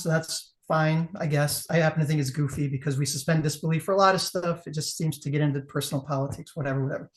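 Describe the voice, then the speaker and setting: A woman who wrestles and judges a competition, giving blunt, profane advice on a live video-call panel. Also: low voice. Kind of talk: casual critique on a live panel.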